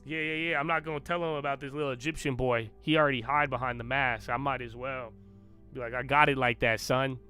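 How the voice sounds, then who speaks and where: Young guy live streaming, brags and teases chat, bright tense voice. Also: medium pitch, steady tone, fast talker, faint music behind. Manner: boastful, banters with chat, swears. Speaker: livestream host. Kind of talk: casual livestream chat.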